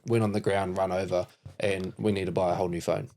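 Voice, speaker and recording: A New man chatting casually on a podcast, slangy and swearing as he tells an animated story. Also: deep voice, fast. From New Zealand. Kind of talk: casual chat.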